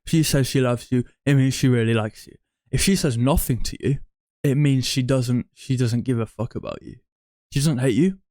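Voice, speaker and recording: A man's voice: medium pitch, moderate pace, warm tone, no echo, studio quality. A young man giving dating advice in a blunt, crude, rambling monologue that circles back on itself.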